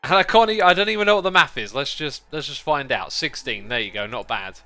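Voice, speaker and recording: A man's voice: mid-range voice, expressive, fairly quick, sharp tone, soft background music. A man hosting a casual gameplay livestream, chatty and playful, easily sidetracked as he talks to his viewers. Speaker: livestream host.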